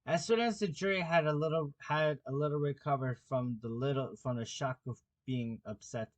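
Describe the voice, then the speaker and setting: A man reads a children's classic aloud as an amateur audiobook narrator. His delivery is plain and unhurried, with the odd slip and restart along the way. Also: fairly high pitch. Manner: plain, unhurried reading with small slips and restarts. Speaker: audiobook reader.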